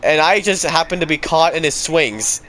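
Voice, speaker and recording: Lively higher-voiced man bantering in game chat. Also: a little hiss or hum. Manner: animated, jokey, quick to laugh and exclaim. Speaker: gamer. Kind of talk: casual chat over game voice chat.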